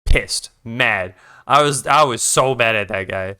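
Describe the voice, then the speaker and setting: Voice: mid-range voice, a little slow, sharp tone, clean tone, dry recording, clean studio sound. An art streamer telling a road-trip story while drawing, ranting with lots of swearing and quoting other drivers. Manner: profane, ranting, retells the conversation in others' voices; restarts sentences while redrawing.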